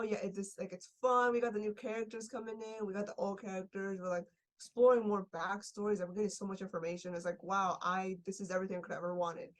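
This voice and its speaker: Young woman gushing in casual chat. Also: medium pitch. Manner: gushing, laughing, filler-heavy storytelling. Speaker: podcast guest.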